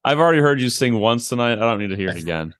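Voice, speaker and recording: A man's voice: mid-range voice, lively intonation, rapid-fire, dry recording. A man in his thirties from New England, co-hosting a podcast in a dry, mock-exasperated way. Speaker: podcast co-host. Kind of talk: casual chat.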